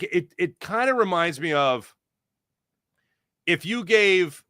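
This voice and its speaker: A man hosting a live postgame sports podcast, reading viewer comments in an energetic, rambling, jokey way. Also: fairly high pitch, dry recording, clean studio sound.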